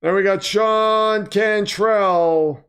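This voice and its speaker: A man hosting a casual livestream, chatting and commentating, flustered at times and prone to excited outbursts. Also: high-pitched, very slow, clean tone. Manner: flustered, self-deprecating, breaks into excited shouts. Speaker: livestream host.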